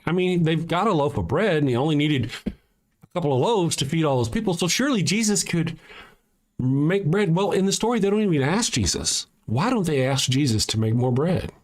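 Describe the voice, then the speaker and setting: A man's voice: fairly high pitch, big pitch swings, brisk. A man hosting a show, ranting emphatically, with lots of repetition and profanity. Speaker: show host. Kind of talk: ranting commentary.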